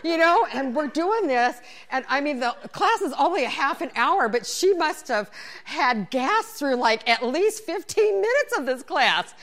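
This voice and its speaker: A woman's voice: sits high, unhurried. A woman telling a funny personal story, acting out what everyone said, dropping to whispers and breaking into laughter. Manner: animated, acts out quotes, whispers asides, laughs while telling.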